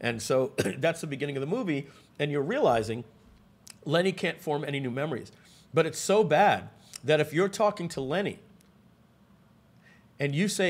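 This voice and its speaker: A man presenting a live webinar, telling stories with lively asides to the audience and frequent restarts. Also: on the high side, normal speed, pauses often.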